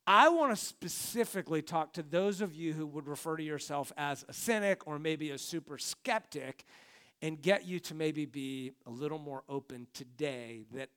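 A man's voice: fairly high pitch, moderate pace, pushed and bright, clear, resonant tone. A man, the pastor, preaching a conversational sermon from a church stage and talking straight to his congregation.

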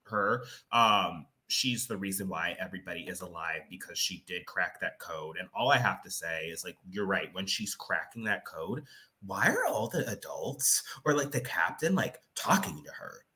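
A low-voiced man co-hosts a podcast at a moderate pace, casually recapping a movie. He sounds animated and drops "like" again and again.

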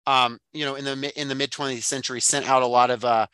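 A man's voice: mid-range voice, flat delivery, fast, bright, forceful tone, clean tone, dry recording. A man co-hosting a podcast, chatting casually about a book in a thoughtful, rambling way full of fillers and restarts. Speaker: podcast co-host.

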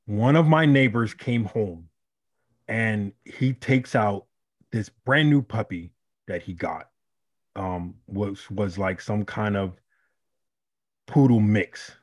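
A married man from Chicago telling a story in a casual podcast chat, animated and profane, acting out the people in it. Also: lowish voice, slow pace, pauses often. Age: adult, married. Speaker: podcast co-host.

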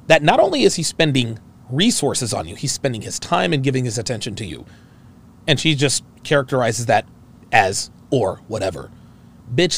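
A man's voice: a little high, gravelly. A man hosting a reaction show, ranting in a profane, emphatic way and repeating his phrases. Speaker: host. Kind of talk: reaction commentary rant.

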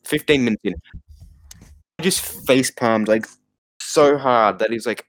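A man's voice: mid-range voice, unhurried, no echo, low-quality recording. A man co-hosting a podcast, chatting casually about a bad movie with rambling, exasperated asides and laughter. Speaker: podcast co-host. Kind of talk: casual movie review chat.

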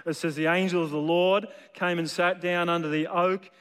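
A man's voice: high voice, level tone, normal speed, a bit bright, smooth, big-room sound. A man preaching a sermon as a storyteller, often repeating his words as he builds a point. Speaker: pastor.

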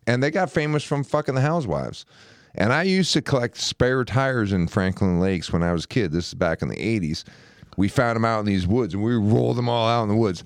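A man co-hosting a podcast in casual, profane banter, telling loud stories and swearing constantly. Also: smooth, no room sound, studio quality. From New Jersey. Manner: loud storytelling, swears constantly, lively pitch swings. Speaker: podcast co-host.

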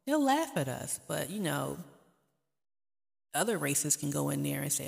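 Woman with a gravelly voice giving earnest heartfelt talk to camera, lots of echo. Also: deep voice, animated, normal speed. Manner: earnest, pleading, faith-driven encouragement. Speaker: vlog host. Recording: long reverb, echoey room.

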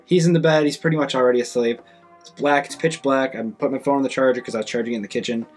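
A man hosting a podcast, telling a story in casual chat, animated, acting out other people's lines and swearing freely. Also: very fast, faint music behind. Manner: animated, acts out quoted voices with big pitch jumps. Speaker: podcast host.

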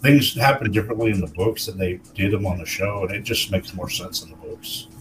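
A man's voice: fairly low pitch, fairly quick, noisy background. A man, a podcast co-host, dropping wry joking remarks into a casual chat.

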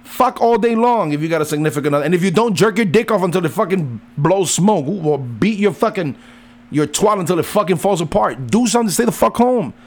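A middle-aged man, a father, ranting heatedly and swearing constantly, his pitch jumping up and down as he lectures. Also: lively intonation, a little fast. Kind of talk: profane rant.

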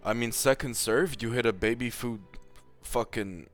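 A man in a fired-up, profane rant, hammering his points with repetition. His voice sits at an ordinary middle pitch, and faint music plays underneath. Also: normal speed. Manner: profane, heated, emphatic. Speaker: tennis commentator. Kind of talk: casual opinionated rant.

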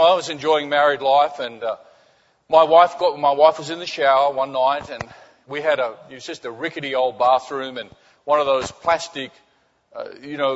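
A man delivers a sermon with a somewhat high voice, telling a story in an animated, stop-and-start way. His voice carries a long reverb from a large hall. The sound is a bit dull and muffled. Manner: animated storytelling, many restarts, drops to soft intimate tones. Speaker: pastor.

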